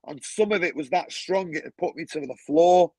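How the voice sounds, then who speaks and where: A man, a podcast guest telling animated stories, swearing often and acting out other people's voices. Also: fairly high pitch, normal speed, dry recording, poor audio. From Manchester, England. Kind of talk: casual storytelling.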